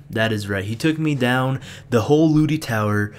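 A young man vlogging casually, telling an animated story with laughs and acted-out quotes. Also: mid-range voice, moderate pace, a little hiss or hum. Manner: animated, laughs often, acts out quoted lines. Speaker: gaming vlogger.

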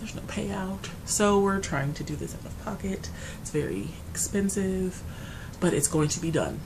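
A woman's voice: mid-range voice, normal speed, background noise. Grieving woman talking to camera. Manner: grieving, rambling, restarts often, swings between quiet and loud. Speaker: beauty vlogger. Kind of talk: casual personal talk to camera. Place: her apartment.

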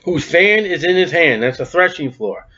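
A man's voice: a little high, lively intonation, moderate pace, sharp tone. A man preaching a sermon in a folksy, emphatic way, quizzing his congregation and reading scripture aloud. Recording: dull lo-fi sound.

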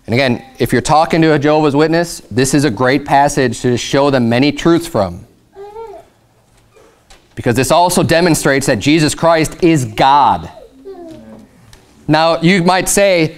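A male pastor preaching a sermon in an animated, emphatic way, acting out quotes. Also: on the high side, unhurried.

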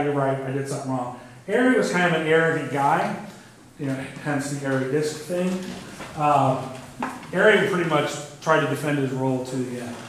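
A man giving a casual astronomy lecture to a club audience, talking through his slides with lots of fillers. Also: on the high side. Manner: conversational, many fillers, says "kinda neat". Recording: very echoey room, faint background noise.

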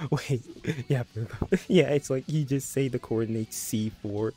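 A man's voice: medium pitch, a little slow, mellow, faint music behind. A young man streaming in a social VR game, joking crudely and laughing often in casual chat. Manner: giggly, joking, crude banter.

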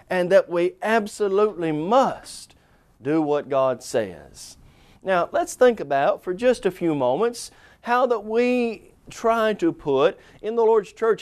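Male preacher, earnest and emphatic, slightly higher voice, slows down to stress key lines. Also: darkish tone. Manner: earnest, emphatic, with rhetorical questions and slow stressed phrases. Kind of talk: televised sermon.

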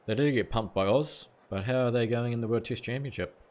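A man's voice: medium pitch, fairly quick, darkish tone. A man streaming a cricket video game live, chatting casually with viewers and swearing now and then. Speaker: gaming streamer.

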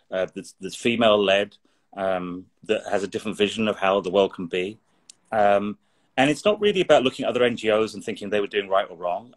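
A middle-aged man from England speaking as an interview guest, earnest and reflective, often repeating words as he searches for them. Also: fairly low pitch. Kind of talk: interview conversation.

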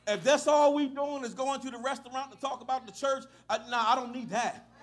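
Middle-aged male pastor, very high voice, slangy folksy sermon, shouts and laughs. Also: a little fast. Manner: swings from shouting to low storytelling, laughs often; casual, folksy preaching with street slang.

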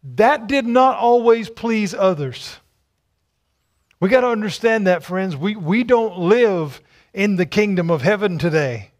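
A man's voice: sits high, lively intonation, unhurried. A male pastor preaching a sermon, emphatic and repetitive, with rhetorical questions and stammered restarts.

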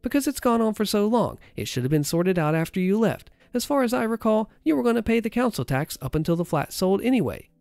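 Man doing an accusing, high-pitched angry mom for a story reading, gravelly. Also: big pitch swings, fast talker, few pauses, darkish tone, dry recording, exaggerated voice. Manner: indignant, accusing, repeats herself. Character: shrill angry middle-aged mother, accusing.

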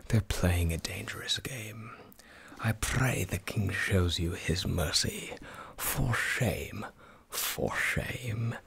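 A man's voice: lowish voice, takes it slowly, gravelly, fairly bright tone, slightly rough, heavily acted. A man voicing a pompous loyalist clergyman in an Australian accent, as whispered role-play. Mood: scolding. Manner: lecturing, preachy.

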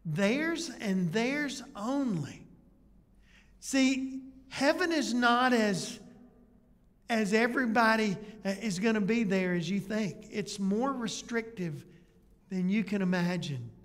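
A man's voice: high-pitched, unhurried, fairly bright tone. A man preaching a sermon as pastor in a conversational way, full of rhetorical questions. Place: church sanctuary. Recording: church hall reverb.

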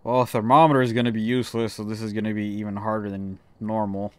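A man's voice: fairly low pitch, level tone, fast talker, smooth. A man playing a ghost-hunting video game alone, grumbling and swearing to himself as he plays. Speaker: let's-play gamer. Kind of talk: solo gameplay commentary.

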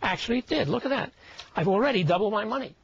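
A man's voice: sits high, animated, quick pace, gravelly, lo-fi sound, a little hiss or hum. An older man performing comedic magic patter as a magician, a wisecracking, chatty showman.

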